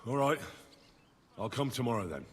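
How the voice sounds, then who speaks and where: A man's voice: mid-range voice, lively intonation, moderate pace, big-room sound, lightly acted. An actor playing a male messenger in a game who soberly reports bad news. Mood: grave.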